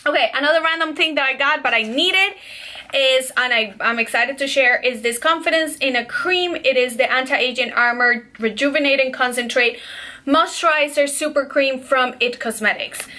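A woman's voice: sits high, moderate pace, pushed and bright. A young woman, slightly out of breath, chatting casually and enthusiastically to viewers at home about products she bought. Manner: chatty and gushing, addresses viewers as "you guys". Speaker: beauty and lifestyle vlogger. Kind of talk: casual product haul chat.

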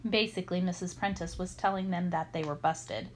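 A woman reading a children's chapter book aloud, telling the story in a lively, expressive way. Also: on the low side, a little fast, slight background noise, poor audio. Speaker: storybook reader.

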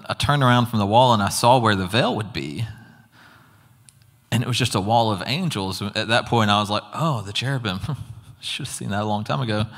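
A lower-voiced man preaches a testimony and tells it as a story, speaking earnestly and acting out his own reactions. His voice rings with long reverb in a church hall. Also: a bit bright. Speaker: guest preacher. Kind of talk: sermon testimony.

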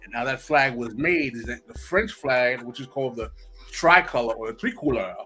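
A man appearing as a podcast guest over a video call, explaining at length in a measured, lecturing way. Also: medium pitch, bright, forceful tone, soft background music, rough recording. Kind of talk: explanatory discussion.

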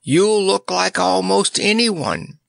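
A man's voice: sits high, expressive, slow, vocal fry, a bit bright, dry recording, studio quality, voice pushed up, exaggerated voice. A man voicing a big, timid male lion who groans and mourns. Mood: mournful.

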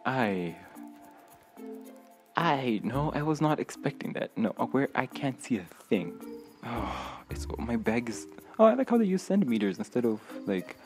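A man's voice: medium pitch, big pitch swings, moderate pace, vocal fry, a little mellow, faint music behind. A young man commentating his own gameplay, nervous and jumpy, talking to himself with frequent gasps and laughs. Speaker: gamer streamer. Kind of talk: let's play commentary.

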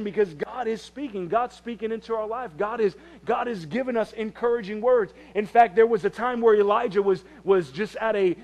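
A man preaching a sermon in a conversational way, often repeating phrases and restarting, and dropping to a hush for quiet passages. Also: sits high. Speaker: pastor.

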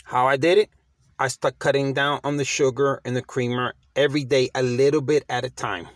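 A man's voice: mid-range voice, steady tone, fairly quick, no echo, clean studio sound. A middle-aged man giving casual, slangy motivational talk, emphatic and repeating himself as he restarts his phrases. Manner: slangy, conversational. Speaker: motivational vlogger.

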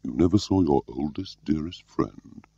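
A mild, soft-spoken older spymaster from a storybook reading, asking gentle, probing questions, as a male narrator puts him on. His voice is very deep and dark with a gravelly edge. The recording is dry and slightly dull. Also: animated, measured pace, no room sound, full character voice. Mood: quiet probing.

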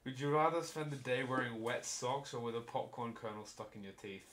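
A man's voice: medium pitch, brisk. A young man hosting a casual chat, reading would-you-rather questions aloud, laughing often and swearing casually. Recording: echoey room, faint noise.

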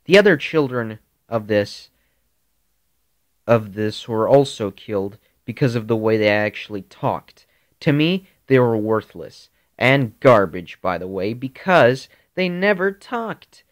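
A man improvising a grisly Halloween story in a rambling, halting way. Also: medium pitch, lively intonation. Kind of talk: improvised spoken horror story.

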